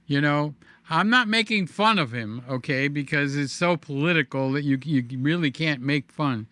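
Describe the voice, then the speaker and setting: Chatty middle-aged guy vlogging at his desk mic, high bright voice, lots of repeats and jokes. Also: moderate pace, no echo. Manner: animated, repeats himself, jokes. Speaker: vlogger host. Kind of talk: casual chat to camera. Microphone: desk microphone.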